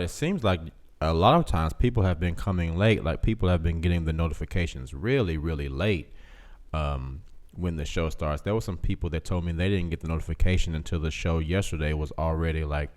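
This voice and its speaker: A man's voice: sits low, darkish tone. A man hosting a casual live show, chatting in a laid-back way with viewers and repeating himself. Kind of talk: casual livestream chat.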